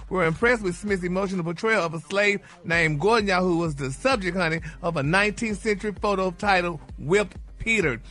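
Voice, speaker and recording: Flamboyant male gossip reporter, high bright voice, chatty. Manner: flamboyant, peppers talk with "honey" and "y'all". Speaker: celebrity news reporter on a radio morning show. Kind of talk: gossipy radio chat.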